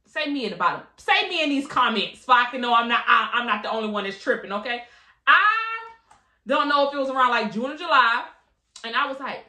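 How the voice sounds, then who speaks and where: A woman's voice: on the high side, lively intonation, fairly quick, bright, forceful tone, roomy sound. A woman in her late twenties hosting a podcast, talking in a chatty, slangy, candid way. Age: late 20s. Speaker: podcast host. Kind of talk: casual solo podcast chat.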